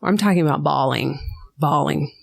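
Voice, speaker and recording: A woman being interviewed on a podcast, telling a personal story with lively energy and acting out the voices of people she quotes. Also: deep voice, moderate pace, vocal fry, breathy edge. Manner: animated storyteller who acts out quoted voices. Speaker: guest, school board member.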